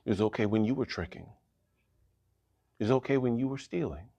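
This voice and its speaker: A man telling a story as a casual youth sermon, animated and slangy, repeating phrases for effect, with a husky voice. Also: on the low side, brisk, lo-fi sound. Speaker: youth preacher.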